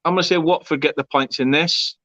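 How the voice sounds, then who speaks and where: A man hosts a live football chat in an easygoing way, reading out viewer comments. His voice sits a little high, and the sound is dull and dry, like a modest webcam mic. The pace stays relaxed and conversational. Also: brisk, no echo. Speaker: host. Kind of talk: hosting a live football show.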